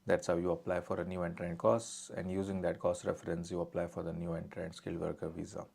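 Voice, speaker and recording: Man, live Q&A adviser, very deep, monotone delivery, plain and direct. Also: fast talker, creaky, husky. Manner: direct, reads out questions then answers plainly. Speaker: immigration adviser answering viewer questions. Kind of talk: live-stream Q&A.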